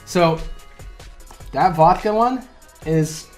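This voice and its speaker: A man's voice: a little high, very slow, faint music behind. An American man as a guest in a casual interview, talking in an easygoing, joking way. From United States. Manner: easygoing, joking, laughs between sentences.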